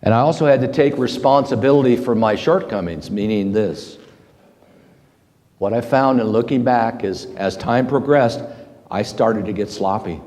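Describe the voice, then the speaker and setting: A middle-aged man giving a slow, halting, earnest personal testimony to a men's group. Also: medium pitch, a little mellow. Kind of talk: reflective personal testimony talk. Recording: long hall reverb.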